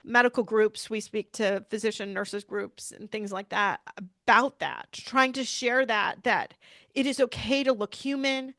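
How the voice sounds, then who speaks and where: Middle-aged woman, podcast guest; earnest, searching delivery, slightly high voice, dry close mic. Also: a bit bright, dry recording. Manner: earnest, searching, frequent restarts and "like". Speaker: pediatrician and bereaved mother, guest. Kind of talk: heartfelt interview storytelling.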